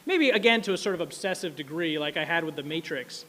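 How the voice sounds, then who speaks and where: A man telling a casual, animated story to an audience, full of fillers and asides. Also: a little high. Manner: quick, animated, many fillers. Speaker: speaker at an anniversary event.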